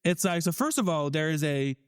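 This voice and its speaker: A man co-hosting a theme park podcast, talking in a casual, animated and critical way with frequent restarts. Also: on the high side, a little fast, smooth. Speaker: podcast co-host.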